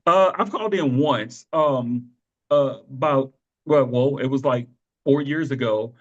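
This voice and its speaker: A man's voice: mid-range voice, measured pace. A man co-hosting a casual wrestling podcast, telling stories with lots of laughter and acting out the people he quotes. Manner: animated storytelling, quotes people in exaggerated voices, laughs often. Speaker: podcast co-host. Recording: dull lo-fi sound.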